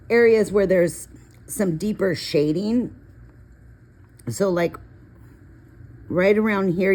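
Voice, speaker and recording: Low-voiced chatty woman colorist. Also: darkish tone. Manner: chatty, storytelling, rambling asides. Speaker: coloring video host. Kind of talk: casual coloring tutorial chat.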